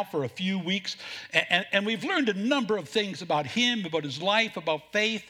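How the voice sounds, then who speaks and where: A man preaching a sermon as pastor, earnest, telling a story, with a few halting restarts. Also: sits high, bright, forceful tone, slightly rough.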